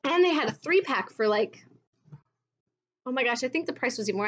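A woman with a fairly high voice talks straight to camera in a casual commentary video. She is blunt and exasperated and drops in mocking asides. She is recorded at home. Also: expressive, a little fast, pauses often. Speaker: vlogger recounting her MLM experience.

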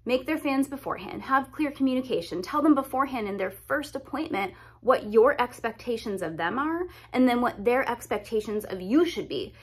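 A woman with a slightly high voice gives casual advice to other lash artists. She talks in a lively, chatty way and acts out little client scenarios as she goes. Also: fairly quick, few pauses. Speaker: lash business educator.

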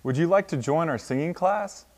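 A man's voice: fairly high pitch, expressive, normal speed, voice pushed up, lightly acted. A young man reading the part of a cheerful, chirpy little robin in a children's picture book. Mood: cheery. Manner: chirpy, bright questions. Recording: long hall reverb.

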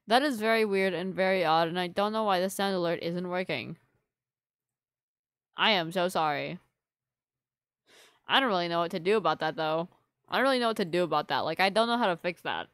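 A woman's voice: lowish voice, expressive, moderate pace, long pauses, a bit bright, clear, resonant tone, dry recording, clean studio sound. A young woman live-streaming to her viewers in casual chat, rambling and apologetic, full of fillers. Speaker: livestreamer.

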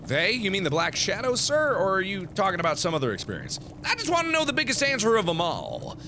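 A man doing a curious, polite little girl, high-pitched. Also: wildly swooping pitch, fast, pushed and bright, a little hiss or hum, heavily acted. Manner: earnest, questioning, addresses others as sir. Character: curious, polite ten-year-old girl in a game.

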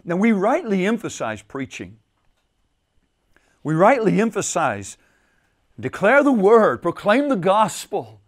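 A male pastor delivers a sermon with a fairly high voice. He repeats key phrases and lets his delivery drop to a hush before rising again for emphasis. The setting is a retreat gathering. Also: sing-song, slow pace, long pauses. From United States. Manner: repeats phrases, rises and falls in pitch and volume for emphasis. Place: church at a men's retreat.

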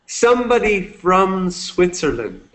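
A man's voice: high-pitched, sing-song, slow pace, a bit bright. A man teaching English one-on-one, patient and encouraging, switching to Spanish now and then to explain. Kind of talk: one-on-one language lesson.

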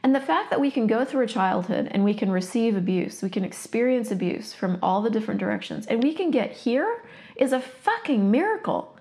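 Woman, slightly high-pitched, blunt, emphatic, swears freely, motivational monologue, reads aloud from a workbook. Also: sing-song, fairly quick, darkish tone. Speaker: coaching facilitator.

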